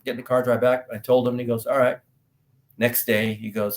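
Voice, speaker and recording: Middle-aged american guy, lively storyteller, acts out the quotes. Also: medium pitch, fairly quick. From United States. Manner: animated storyteller, acts out dialogue loudly. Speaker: actor guest. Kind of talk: storytelling interview talk.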